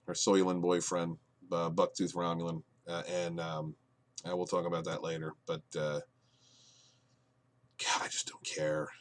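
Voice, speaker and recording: A man giving an exasperated review of a TV show, with lots of fillers and restarts, dropping to low mutters and then bursting out loud. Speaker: podcast reviewer. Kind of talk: ranting review commentary.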